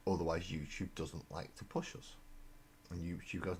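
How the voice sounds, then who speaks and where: A man's voice: sits low, fairly even intonation, normal speed, a little mellow, slight background noise. An English man hosting a live stream, chatting casually and rambling in a self-mocking way while he builds miniatures. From England. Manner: rambling and self-mocking, often trailing into mumbles. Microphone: desk mic on a live webcam stream.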